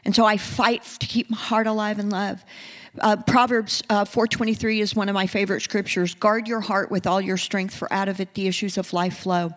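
An earnest woman preacher delivers a sermon in a mid-range voice, her words trailing off into a long reverb. She moves from hushed, tender passages to rising, emphatic calls. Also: medium pitch, flat delivery, moderate pace.

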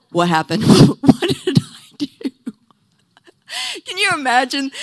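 A woman preaching, her voice bright and forward. She is animated and laughs often, and she acts out quotes as she tells stories from the pulpit. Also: high voice. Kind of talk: sermon.

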